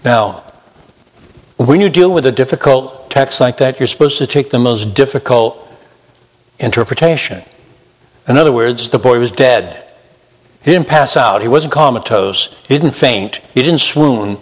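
A man's voice: mid-range voice, lively intonation, a little slow. A man preaching a sermon with emphasis, slipping into mocking imitations of sinners. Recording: long hall reverb.

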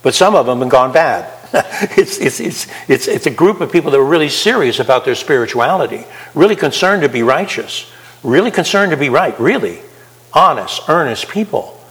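A man's voice: fairly high pitch, lively intonation, normal speed, fairly bright tone. A man preaching a sermon, talking conversationally and putting questions to his listeners. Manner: conversational, asks the audience questions. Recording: reverberant hall.

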